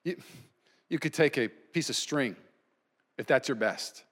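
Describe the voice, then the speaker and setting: A man preaching a sermon as pastor, emphatic, swinging between loud and hushed delivery. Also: medium pitch, a little slow. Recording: long reverb from a large hall.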